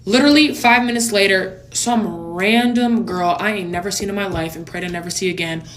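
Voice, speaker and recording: A young adult woman telling a story in a vlog, animated and blunt, with sassy asides. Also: medium pitch, a little fast.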